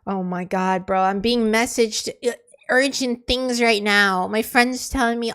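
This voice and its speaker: A woman's voice: fairly high pitch, a little slow, fairly bright tone, smooth. A woman streaming live, chatting casually and exasperatedly with her viewers in a rambling way. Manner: exasperated, rambling, talks to chat.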